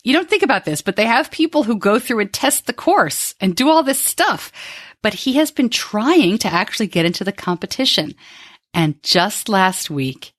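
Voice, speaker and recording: A middle-aged woman hosts a podcast in an easy, conversational way. She sounds heartfelt and openly emotional, her pitch sitting at an ordinary middle level. She is recorded close up on a dry mic with no room sound. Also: big pitch swings, moderate pace, no room sound. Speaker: podcast host.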